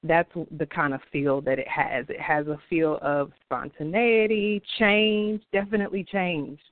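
A man's voice: fairly high pitch, measured pace, no room sound. Passionate astrologer man, tinny phone-like sound. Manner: expressive, passionate, laughs often. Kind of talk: weekly astrology forecast monologue.

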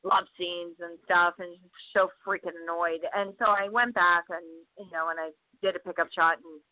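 An actress guest in a casual interview, telling a profane story in an animated way, with laughs. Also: female voice, fairly low pitch, moderate pace, dry recording. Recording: dry, tinny phone-like sound.

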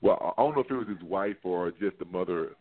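A low-voiced man tells a loose, winding story, tripping over restarts and leaning on "like" as he goes. He comes through a thin, tinny phone line. He sounds like a former player swapping stories as a sports-show guest. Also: fast. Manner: rambling, animated anecdote full of "like" and restarts.

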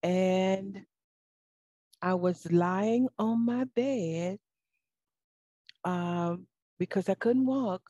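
A woman hosting her own talk show alone, speaking emotionally and warmly about faith to her listeners, with fillers and stammered restarts. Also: mid-range voice, very slow, long pauses, dry recording, studio quality. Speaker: talk show host and life coach. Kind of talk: solo talk show monologue.

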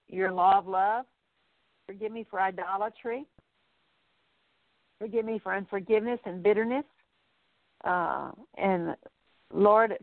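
A woman's voice: medium pitch, no echo. Woman praying over a tinny line. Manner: earnest, repetitive litany-like pleading. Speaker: minister leading prayer. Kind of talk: prayer of repentance. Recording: dry, phone-like narrow sound.

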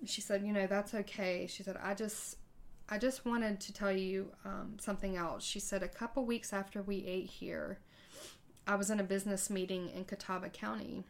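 A woman podcast host telling a personal story in a conversational way, acting out the dialogue with halting hesitations. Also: medium pitch, fairly even intonation, creaky.

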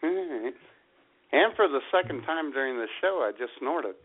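A man's voice: on the high side, lively intonation, normal speed, breathy edge. A male host joking wryly in casual radio banter. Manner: joking, wry. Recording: tinny lo-fi audio.

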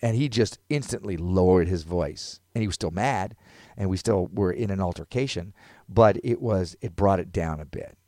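A man's voice: deep voice, normal speed, warm tone, no room sound, studio quality. A man in casual podcast chat, rambling and reflective, now and then acting out quotes.

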